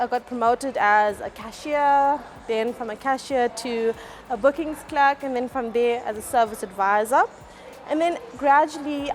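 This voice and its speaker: A woman's voice: a little high, a little hiss or hum. A woman, a customer relations manager, telling a group how her career started, speaking hesitantly with many ums and restarts. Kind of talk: workplace career talk. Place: car dealership indoors.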